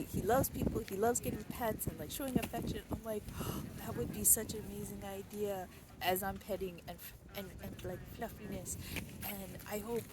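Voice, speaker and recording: A woman telling a story in a casual outdoor vlog, chatty, with lots of fillers and restarts. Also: fairly high pitch. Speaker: vlogger. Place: outdoors in cold, windy weather. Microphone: phone held by hand. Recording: loud wind and traffic noise outdoors.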